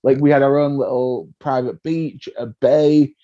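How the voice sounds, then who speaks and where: A man, a comedian being interviewed, telling stories in a lively way, acting out what people said and laughing often. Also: medium pitch, measured pace. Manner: animated storyteller, acts out voices, laughs often. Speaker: comedian guest. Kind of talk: casual interview chat. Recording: dull lo-fi sound.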